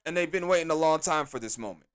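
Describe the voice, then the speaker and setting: A man hosting a podcast, reviewing a wrestling show in an animated, exasperated rant full of slang. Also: a little high, quick pace. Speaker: podcast host.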